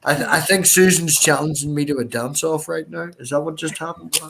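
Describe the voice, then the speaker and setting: A man's voice: on the high side, steady tone, a little fast, vocal fry, fairly bright tone. A man hosting a casual live stream chat on his laptop, teasing and swearing with friends.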